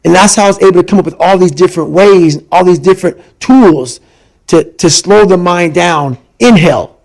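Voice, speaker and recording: A man's voice: high voice, normal speed, a little mellow, rough recording. A man guest in a conversation, telling a personal story with intense emphasis and repeating his points to hammer them home. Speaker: podcast guest.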